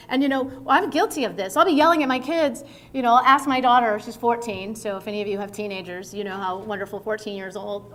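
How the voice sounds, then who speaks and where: A middle-aged woman speaking as a guest speaker at a conference, in a conversational, animated way. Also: fairly high pitch. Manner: conversational, animated, acts out quotes. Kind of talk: conference talk. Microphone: microphone at a conference.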